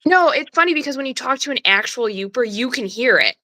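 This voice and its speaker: Bright-voiced Upper Midwest woman. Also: high-pitched, quick pace, rough recording. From North Midwest of the USA. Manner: animated, laughing storyteller. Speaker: guest. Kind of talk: casual chat.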